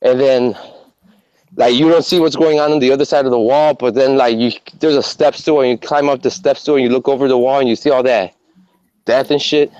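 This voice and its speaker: A man on a podcast telling stories in casual chat, animated and swearing a lot. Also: medium pitch, fairly quick, smooth, no room sound. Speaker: podcast co-host. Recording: muffled lo-fi recording with faint noise.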